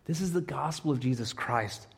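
A man preaching a sermon as a pastor, animated and slipping in jokes between his points. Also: mid-range voice, moderate pace, vocal fry. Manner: animated preaching with joking asides. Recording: long reverb of a hall.

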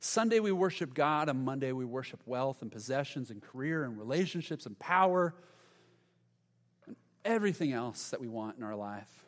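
A pastor preaching a sermon to his congregation, animated and conversational, with dramatic pauses. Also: mid-range voice. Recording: long hall reverb.

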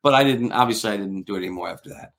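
With a low-leaning voice and a fairly bright tone, a middle-aged man fires off anecdotes rapidly. He is a ventriloquist and magician appearing as a guest in a casual interview, rambling and acting out quotes as he goes.

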